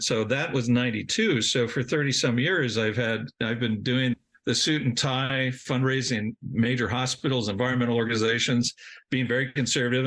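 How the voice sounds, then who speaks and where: The voice is a middle-aged man's, medium in pitch and a bit bright. As a guest on a podcast, he tells a long personal story in interview format, rambling, starting sentences over, and laughing at himself.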